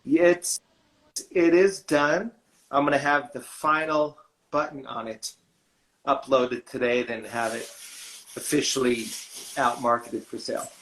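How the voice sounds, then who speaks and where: Relaxed man chatting as a podcast co-host. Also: mid-range voice, unhurried, long pauses. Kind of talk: casual chat.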